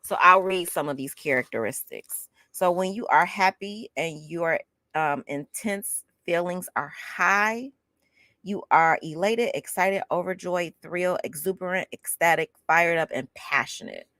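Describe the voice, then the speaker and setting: A woman's voice: lowish voice, measured pace, sharp tone, no echo, clean studio sound. A woman, reading a self-help book aloud and breaking off for sassy, chatty asides. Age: 50s. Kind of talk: casual reading with commentary.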